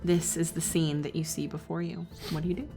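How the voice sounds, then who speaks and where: A woman narrates a fantasy tabletop game as its game master, with a fairly low voice. She describes each scene slowly and in detail, pausing on ums along the way. Faint music plays underneath. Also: flat delivery, dark tone. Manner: descriptive storytelling with frequent ums.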